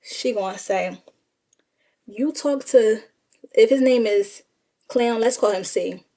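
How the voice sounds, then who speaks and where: A woman's voice: medium pitch, unhurried, warm tone. A young woman telling a casual, sassy story and talking straight to her listeners as y'all. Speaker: storyteller vlogger.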